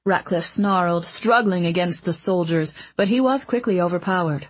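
Narrating an audiobook, a woman with a fairly low-pitched voice tells the story in a measured yet expressive way.

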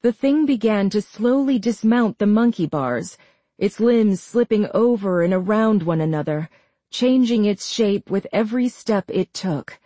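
A woman narrating a horror story in a steady, dramatic storytelling manner. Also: medium pitch, unhurried, dry recording.

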